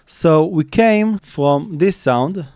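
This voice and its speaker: A man's voice: fairly high pitch, animated, extremely slow. A man, a mixing engineer, walking through a studio tutorial step by step in a plain manner, often restarting and using fillers. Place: recording studio. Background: faint drum playback.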